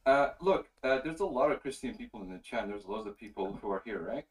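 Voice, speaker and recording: A man's voice: mid-range voice, lively intonation, brisk, distant mic, rough recording. A young man calling into an online debate, casual and slangy, pressing his point insistently. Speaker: caller joining a debate. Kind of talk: online voice chat.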